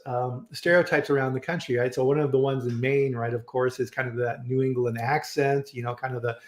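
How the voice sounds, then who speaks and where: Male host for a casual live chat show, mid-pitched, loose and talkative, recorded in an echoey room. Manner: chatty, rambling, frequent restarts and fillers. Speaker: host of a live online food safety chat. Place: home in Colorado. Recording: roomy echo.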